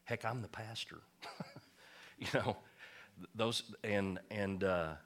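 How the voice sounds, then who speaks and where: A man's voice: lowish voice, slow pace, a bit bright. A male pastor, preaching a sermon through a folksy, self-deprecating personal story, laughing often.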